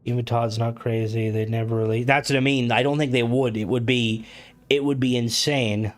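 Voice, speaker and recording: Steady in tone and speaking at normal speed, this man has a mid-range voice. He's a game streamer chatting casually during a live stream, rambling with plenty of fillers, false starts and cursing.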